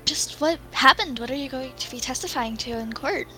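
A woman's voice: high voice, brisk, bright, forceful tone, faint music behind, rough recording. A woman playing a tabletop game, speaking in an earnest, friendly way. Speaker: player. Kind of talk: tabletop game role-play.

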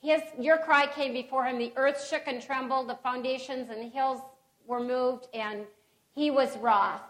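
A middle-aged woman giving an earnest sermon to a women's gathering, reading scripture aloud with pauses and restarts. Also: high-pitched, fairly even intonation, rough recording.

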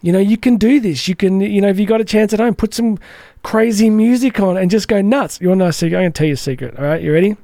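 A man's voice: high voice, fast talker, mellow, no room sound, clean studio sound. A man hosting a motivational podcast, talking energetically and chattily and acting out the voices he quotes. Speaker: podcast host.

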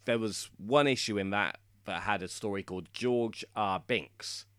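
A man's voice: on the low side, normal speed, fairly bright tone, smooth, no room sound, studio quality. A man co-hosting a podcast, explaining lore in casual chat and laughing often. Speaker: podcast co-host.

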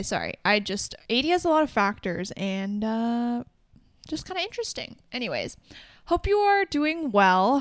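Young woman hosting a solo podcast, loose and rambly, a little high-pitched, dry close recording. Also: no echo. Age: early 20s. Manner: rambling, restarts mid-sentence. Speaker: podcast host. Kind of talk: casual solo podcast talk.

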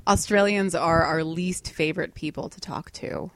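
Low-voiced woman in casual banter. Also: normal speed, no room sound. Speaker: podcast co-host.

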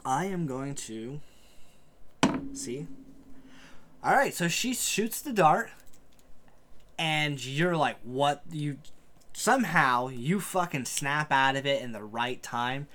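Bright-voiced swearing game master. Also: male voice, mid-range voice, expressive, slow pace, long pauses. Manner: laid-back, swears often, hesitant ums. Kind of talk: narrating a tabletop game, casual.

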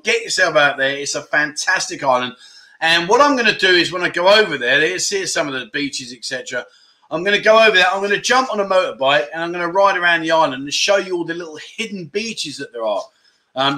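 A man's voice: a little high, bright, forceful tone. A middle-aged man hosting a casual livestream, chatting and joking while reading out viewer comments. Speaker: livestream host.

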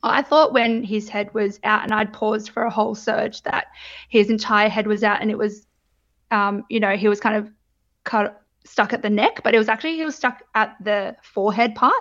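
A woman's voice: mid-range voice, fairly even intonation, moderate pace, a bit bright. A young adult woman, candidly telling her birth story in casual chat, laughing often and swearing freely. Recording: dull lo-fi sound.

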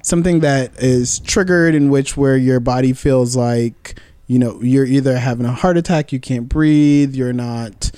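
A man with a mellow, relaxed voice talks through ideas thoughtfully on a casual podcast. He keeps checking in with "right?" as he explains, and the sound is dry and close. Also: medium pitch, unhurried, smooth, no echo. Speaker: counselor guest.

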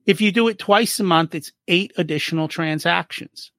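In a casual interview, a guest who talks about business profitability explains money habits, animatedly acting out short dialogues in different voices. His voice is high and his pace moderate, captured in a dry, clean studio recording.

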